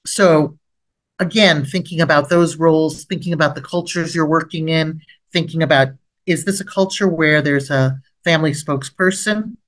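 Woman teaching, lively role-play lines. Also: low voice, moderate pace. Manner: lively, rises sharply when acting out gentle approach lines. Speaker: trauma expert leading a training webinar. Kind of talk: instructional lecture with role-played examples.

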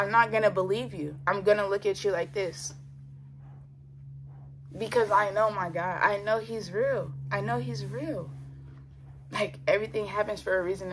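In her bedroom, a young adult woman vlogger shares an earnest faith testimony, emotional and near tears. She talks casually with slang and fillers, repeating phrases for emphasis. Her voice is medium-pitched, with a little hiss or hum in the background.

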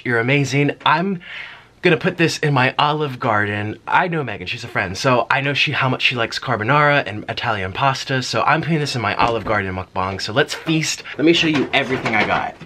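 A man hosting a food-eating vlog, chatting excitedly with viewers as he unboxes gifts and shows his food. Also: medium pitch. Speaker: mukbang host. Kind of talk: casual vlog chat while unboxing and eating. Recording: noticeable background noise.

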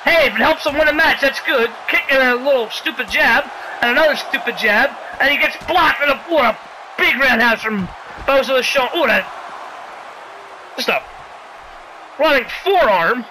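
A game commentator calling a wrestling video game play by play, excitable, sarcastic, yelling at big moves and pleading with the wrestlers. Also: high voice, normal speed, long pauses, background noise. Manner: sarcastic asides and mild swearing.

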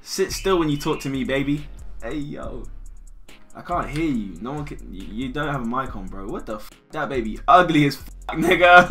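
Loud, excitable young man with a lively, bright voice. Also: mid-range voice, normal speed, soft background music. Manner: loud, excitable and profane, breaking into shouts and laughter. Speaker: streamer chatting with strangers on video chat. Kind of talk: excited casual chat with strangers.

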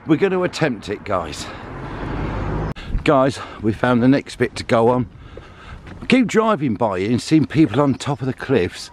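A man's voice: medium pitch, big pitch swings, normal speed, a little hiss or hum. A man vlogging casually as he walks and climbs outdoors, chatty and joking about being out of breath. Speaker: family vlogger. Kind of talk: casual vlog narration while walking. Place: outdoors in a town and on clifftops.

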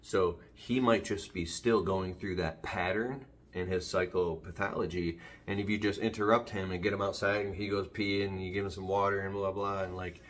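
A man's voice: low voice, steady tone, moderate pace, hardly any pauses. A man vlogging casually about his dog, talking in a rambling way, jumping off topic and restarting sentences, filmed on a phone at home. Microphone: phone camera.

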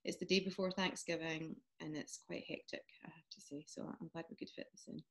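A woman's voice: low voice, steady tone, fairly quick, fairly bright tone. Scottish woman guest, chatty, laughs a lot, video call. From Scotland. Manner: chatty, laughs often, trails off. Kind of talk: casual chat.

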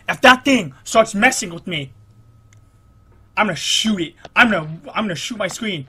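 A man's voice: high-pitched, moderate pace, bright, forceful tone, breathy edge. A man playing a video game and commenting as he goes, groaning and exclaiming in exasperation at his failures. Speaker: gamer. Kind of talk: frustrated gameplay commentary.

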